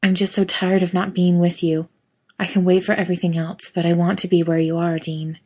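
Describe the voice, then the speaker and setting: Brief: woman doing a stubborn, quiet young man, hushed and low-ish, storybook read. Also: level tone, fairly quick, breathy edge. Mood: soft. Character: stubborn, anxious young man, soft-spoken.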